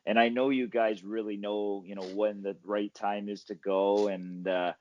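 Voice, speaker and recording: A man's voice: fairly low pitch, level tone, measured pace, darkish tone, dry recording. A man hosting a podcast who asks long, rambling interview questions full of filler phrases. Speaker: podcast host. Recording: dull, dry lo-fi sound.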